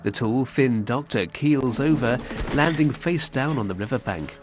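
Calm male audio describer. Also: mid-range voice, unhurried, over music. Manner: calm, neutral reading. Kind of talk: scripted narration. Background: film score.

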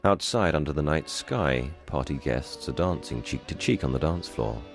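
A man reading an audio description in an even, neutral, scripted way. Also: extremely low pitch, moderate pace, gravelly, faint music behind.

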